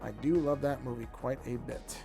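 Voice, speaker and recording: A man's voice: medium pitch, steady tone, moderate pace, creaky, mellow, soft background music. A man streaming while he draws, chatting casually, musing aloud and often restarting his sentences. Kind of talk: casual talk while drawing.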